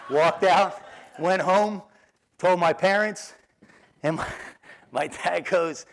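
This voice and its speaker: A man's voice: fairly high pitch, slow, pauses often. A middle-aged man with a New Jersey accent telling personal stories in a keynote talk, acting out the dialogue and laughing often. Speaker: motivational speaker.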